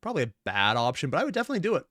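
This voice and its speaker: A woman's voice: rumbling low, very animated, very fast, a bit bright, no room sound, clean studio sound. A woman hosting a reaction video, making self-deprecating jokes in casual commentary. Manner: self-deprecating, joking asides. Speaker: reaction host.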